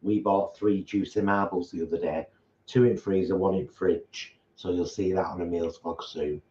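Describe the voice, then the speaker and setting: A man's voice: sits low, steady tone, moderate pace, warm tone. A man co-hosting a casual livestream, playful and jokey while reading out viewer comments. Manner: playful, jokey, tries out silly accents. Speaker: co-host of a vegan livestream. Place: home, at a table while eating. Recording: echoey room, slightly dull sound.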